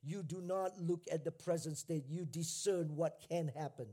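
A male pastor preaching a sermon, repeating phrases for emphasis and swinging between hushed lines and shouted ones. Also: a little high, fairly even intonation, moderate pace, husky.

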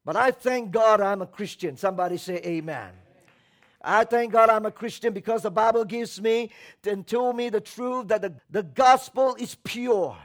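A man preaching a sermon, emphatic and calling for responses from the congregation, swinging between loud exhortation and quiet remarks. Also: high-pitched, normal speed. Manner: acts out quoted voices with mocking tones.

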